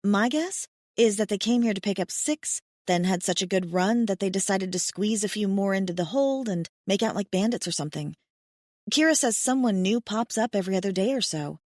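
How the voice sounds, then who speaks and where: A woman's voice: mid-range voice, lively intonation, brisk, a little mellow, dry recording, studio quality, close to an everyday voice. A woman reading the part of a blunt, wry young farm-raised woman in an audiobook, frank and darkly joking. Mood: matter-of-fact. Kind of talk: audiobook character voice.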